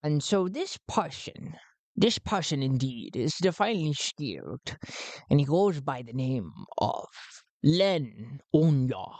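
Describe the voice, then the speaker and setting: A man's voice: on the high side, sing-song, unhurried, no room sound. A man narrating his solo tabletop role-playing game, rambling and laughing at his own jokes.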